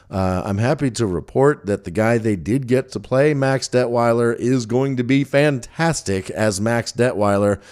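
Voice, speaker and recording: A man talks on his own podcast in a rambling, chatty way, pausing often on fillers and restarting his sentences. His voice sits a little low. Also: darkish tone. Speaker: podcast host. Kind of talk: casual solo podcast monologue.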